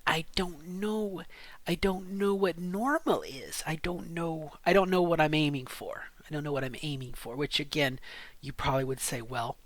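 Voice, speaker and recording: Slow, unsure middle-aged woman vlogging. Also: on the low side, no room sound. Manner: thinking aloud, unsure, halting restarts. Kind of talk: casual voice-practice vlog.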